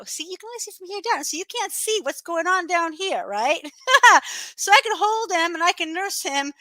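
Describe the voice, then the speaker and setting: A woman in her thirties, an online teacher chatting casually to viewers from her home office over a webcam, animated and quick to laugh. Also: high-pitched, dry recording.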